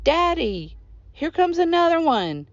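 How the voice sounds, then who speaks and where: A woman's voice: fairly even intonation, a little slow, creaky, dry recording. A woman putting on a scared young farm boy. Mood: urgent. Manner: high, pleading calls. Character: frightened eleven-year-old farm boy. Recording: dull lo-fi recording.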